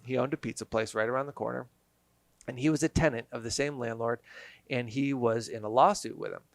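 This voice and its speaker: A man who is a guest on a podcast, telling a casual story in an animated way and acting out quotes. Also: medium pitch, a little fast, no room sound. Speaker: guest, business owner.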